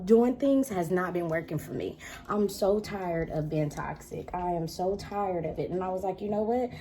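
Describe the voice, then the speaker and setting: A young woman vlogs casually to camera, recounting a personal story with animation. She acts out the quoted arguments, switching to a higher voice for them.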